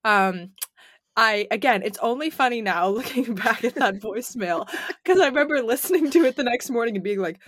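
A woman's voice: a little high, lively intonation, a little fast, a bit bright. A young woman co-hosting a podcast, chatting casually with many fillers. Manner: chatty, lots of fillers, laughs as she talks. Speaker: podcast co-host.

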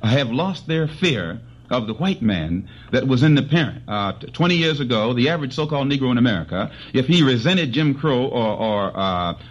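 A man defends his position as a guest in a televised debate. He pauses often and leans on filler sounds, though his points are earnest. His voice sits at an ordinary pitch, and the archival recording sounds muffled and lo-fi. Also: lively intonation. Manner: halting, many "uh" fillers, earnest. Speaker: panel guest. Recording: dull lo-fi archival broadcast.

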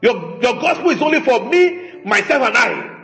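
A male pastor preaching with a very high, bright, forceful voice that swoops through a lively range. He drives his points home with rhetorical questions and scolding emphasis. The recording is echoey, with faint music underneath. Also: moderate pace. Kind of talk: sermon.

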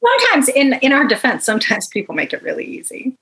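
A woman's voice: high-pitched, huge pitch swings, fast talker, background noise. A woman author being interviewed as a podcast guest, speaking earnestly with emphatic, rhythmic repetition.

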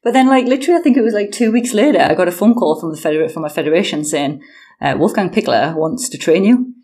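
A woman in her thirties from the United Kingdom, a guest chatting casually in an interview, with lots of fillers and animated storytelling. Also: mid-range voice, very fast.

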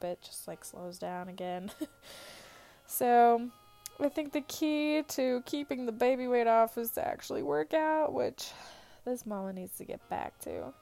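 A woman's voice: fairly high pitch, gravelly, dark tone. A young adult woman, a new mother, chatting casually and laughing often, with many filler words as she answers questions. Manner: chatty, giggly, lots of "like" fillers. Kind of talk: casual chat.

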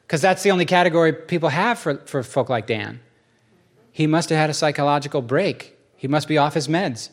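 A male church teacher with a slightly high voice delivers a conversational sermon. He is earnest and animated, and he tells stories energetically to a gathering. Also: a little fast.

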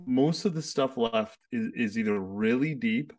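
A man's voice: medium pitch, a little slow, darkish tone, far from the mic. Male host, loose rambling talker, voice sitting back from the mic. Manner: rambling, many restarts and fillers. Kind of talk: casual conversation. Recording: sits away from the mic.

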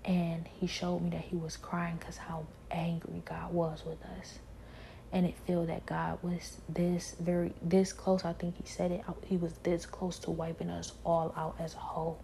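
A woman giving an earnest personal religious testimony, often soft and half-whispered, halting with restarts and filler phrases. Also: fairly low pitch, completely flat delivery, creaky, a little hiss or hum. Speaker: believer sharing a personal testimony.

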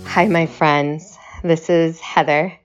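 A woman speaking slowly and reflectively in a personal video message, short of breath and pausing to reassure her listeners. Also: low-pitched, steady tone, soft background music. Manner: slow, reflective, reassuring delivery.

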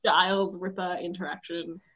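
Bright, gushing woman on a podcast. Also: lowish voice, level tone, normal speed, slightly rough. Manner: gushing, giggly, lots of fillers. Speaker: podcast co-host. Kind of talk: casual podcast chat.

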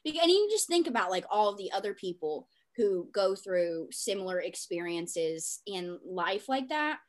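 A woman's voice: medium pitch, sing-song, moderate pace. A young woman on a podcast, tearful and fighting back tears, swearing freely in emotional casual chat.

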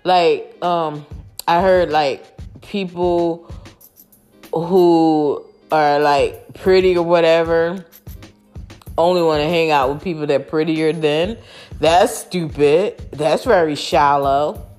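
A woman's voice: deep voice, fairly even intonation, takes it slowly, a little mellow, faint music behind. A woman talking straight to camera in a frank, emphatic, casual monologue that has some swearing.

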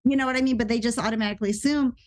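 Animated American actress telling stories. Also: female voice, fairly high pitch. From United States. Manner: animated, rushed storytelling. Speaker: actress guest. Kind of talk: casual podcast storytelling.

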